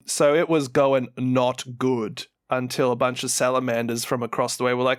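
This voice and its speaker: A man's voice: medium pitch, flat delivery, normal speed, clear, resonant tone, no echo, studio quality. A man with a New Zealand accent, co-hosting a podcast and animatedly retelling lore, laughing often and acting out what characters say. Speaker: podcast co-host.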